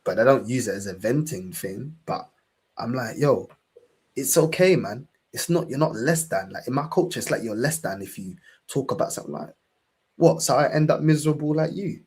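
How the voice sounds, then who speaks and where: A man's voice: medium pitch, lively intonation, moderate pace, darkish tone, breathy edge. A young man with a London accent, hosting a fan channel and talking with fiery, swearing passion, calling everyone "bro". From England. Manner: impassioned, swearing, repeats "bro". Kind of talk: casual podcast chat.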